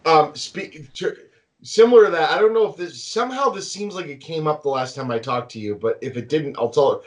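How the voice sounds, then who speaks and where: A man hosting a casual podcast chat, an animated storyteller who laughs often. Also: fairly high pitch, a little fast. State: anxious about flying. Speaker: podcast host.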